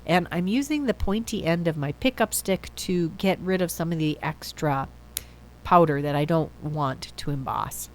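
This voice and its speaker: A woman's voice: fairly low pitch, moderate pace. Stuffy-nosed woman chatting through a craft. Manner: chatty, self-correcting, thinks aloud. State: stuffy from a cold. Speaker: card-making video host. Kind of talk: casual crafting voice-over.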